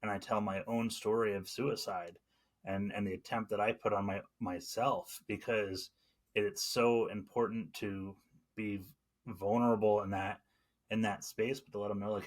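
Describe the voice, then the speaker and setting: A man's voice: fairly low pitch, fairly even intonation, normal speed. A man in his forties hosting a casual podcast conversation, talking in a rambling way with many fillers and restarts. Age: 40s. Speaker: podcast host and former EMT.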